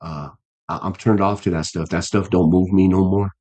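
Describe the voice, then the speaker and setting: A man's voice: deep voice, fairly even intonation, normal speed, warm tone. A man in his fifties, a guest boxer in a casual interview, talking earnestly with many restarts and fillers. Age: 50s.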